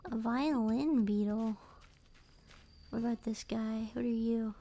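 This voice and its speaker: A woman's voice: on the high side, fairly even intonation, slow, warm tone. A woman streamer chatting casually while playing a game, laughing often and sometimes dropping into a whisper. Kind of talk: casual gameplay chat. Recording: faint game music behind. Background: faint game music.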